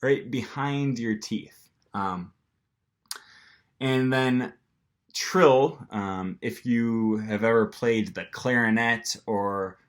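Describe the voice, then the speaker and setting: A man's voice: mid-range voice, extremely slow. A man with an American accent teaching pronunciation to camera in a casual manner, with frequent ums, and acting out the sounds himself. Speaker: language teacher.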